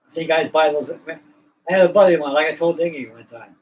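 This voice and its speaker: A man's voice: fairly high pitch, fast talker, darkish tone, poor audio. A man with a slightly raised voice chats casually as the host of a livestream. His talk is folksy and colloquial, and he drifts from one point to the next. Faint ambient noise sits under the voice. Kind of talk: casual chat.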